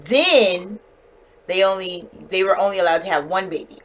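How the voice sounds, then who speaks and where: A woman with a standard North American accent teaching a one-on-one English lesson over a video call. She explains slowly and clearly, with patience. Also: mid-range voice, a bit bright, rough recording. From United States.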